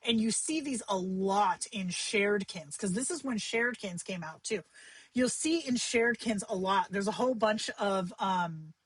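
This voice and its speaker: A woman hosting a livestream tutorial, talking in a chatty, conversational way with quick asides. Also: mid-range voice, husky, no room sound, rough recording. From Arizona. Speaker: livestream host teaching AI companion tips.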